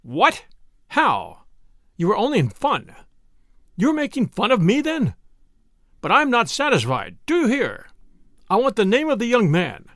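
A man doing an enraged husband in a storybook reading, shouting his demands. The pitch is high and jumps around. The sound is close and dry. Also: huge pitch swings, moderate pace, gravelly, no room sound, heavily acted. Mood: furious. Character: jealous husband, furious and demanding.

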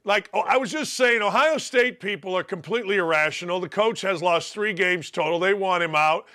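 Male host, from Indiana, high pitch, animated, jokey, laughs a lot. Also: brisk. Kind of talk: casual sports interview.

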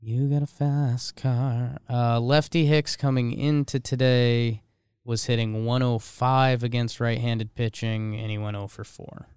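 A man co-hosts a sports podcast and tosses off quick quips. His voice is gravelly but smooth and clear. He is recorded close and dry, with no room sound. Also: medium pitch, steady tone, a little mellow, no room sound. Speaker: podcast co-host. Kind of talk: casual sports chat.

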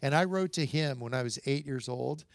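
A man's voice: mid-range voice, normal speed, dry recording. A middle-aged man, a guest on a podcast, telling stories in casual conversation and acting out the voices in them. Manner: animated storyteller, acts out quoted dialogue, chuckles between lines.

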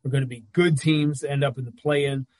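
A man, a radio play-by-play announcer, talking sports as a guest on a video call, telling animated stories with quick asides. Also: medium pitch, dry recording, poor audio. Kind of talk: casual sports talk over video call.

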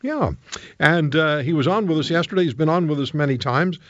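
A man hosting a talk radio show, combative, rhetorical and quick to joke as he interviews guests from a studio microphone. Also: fairly high pitch, no room sound, muffled recording.

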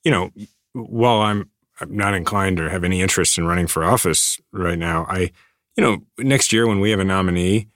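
A man in his thirties, a guest in a casual interview, speaking earnestly with many halting restarts. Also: low-pitched, fairly bright tone, dry recording, clean studio sound.

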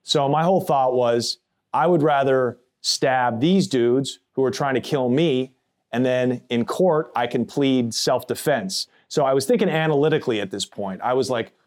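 A man tells his own story on a storytelling podcast in a plainspoken, blunt, casual manner, with swearing and acted-out quotes from other people. He has a mid-range voice and talks at a normal speed.

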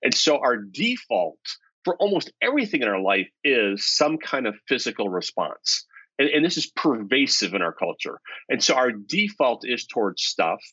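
A husky-voiced man tells an animated story, dropping to near-asides and then jumping up with excited emphasis. The sound is close and dry, with no room around it. The recording itself is slightly dull. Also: medium pitch, normal speed, dry recording. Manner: energetic, swings between hushed asides and excited emphasis. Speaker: author and guest.

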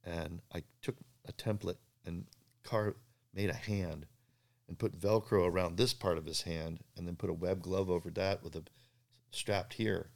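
Guy with a lowish voice spinning surf shop stories on a podcast, acts out all the dialogue, chuckles at his own jokes. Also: fairly even intonation, normal speed, creaky. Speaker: guest, surfboard craftsman. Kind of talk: storytelling in a podcast interview.

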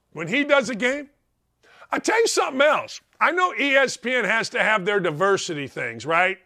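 A man's voice: high voice, very animated, moderate pace, creaky, pushed and bright. A middle-aged man from Indiana hosting a sports talk show, emphatic and rambling, repeating words for stress.

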